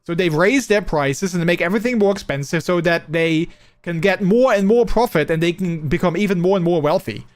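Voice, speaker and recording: A man's voice: sits high, fairly quick, no echo. A Dutch man with a subtle Dutch accent, a live streamer chatting casually, reading his chat aloud and answering it. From Netherlands. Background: faint background music.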